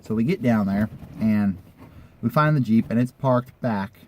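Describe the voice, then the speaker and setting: A man's voice: lowish voice, measured pace, a little mellow, dull audio, slight background noise. A man in a casual vlog, telling a personal story in a rambling, conversational way with the odd swear word.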